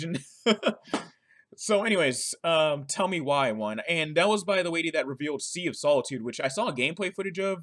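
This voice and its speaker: A man's voice: on the high side, fairly bright tone. Chatty man rambling about games. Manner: rambling, chatty, self-correcting, with frequent laughs. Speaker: gaming commentator. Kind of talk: casual reaction commentary.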